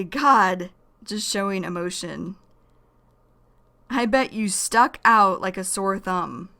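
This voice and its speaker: Teaching English vocabulary, a woman moves slowly and carefully, saying every key phrase more than once. She speaks at a medium pitch with vocal fry and a sharp tone.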